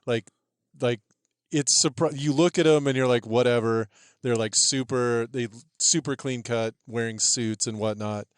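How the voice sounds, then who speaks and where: Laughing, quick-riffing male co-host. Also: medium pitch, fairly even intonation, clear, resonant tone, no echo, clean studio sound. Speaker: podcast co-host. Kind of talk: casual comedic chat.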